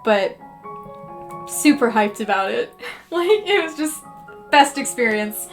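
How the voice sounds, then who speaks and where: Young woman, high voice, chatty and rambling, lots of fillers; casual livestream talk over faint folk guitar. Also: animated, takes it slowly. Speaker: livestreaming painter. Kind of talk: casual chat while painting on a livestream. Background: soft guitar folk music.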